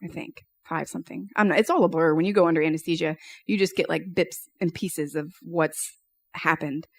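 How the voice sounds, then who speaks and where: A woman's voice: low voice, steady tone, a little fast, no room sound, studio quality. A young woman giving a personal testimony at church, telling her story conversationally with lots of fillers.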